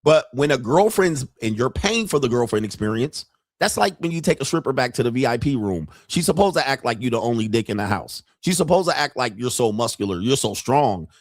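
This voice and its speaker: A man's voice: medium pitch, dry recording, clean studio sound. A man hosting a show, telling profane stories in casual commentary and mimicking other people's voices as he goes. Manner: animated storytelling, mimics voices. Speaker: podcast host.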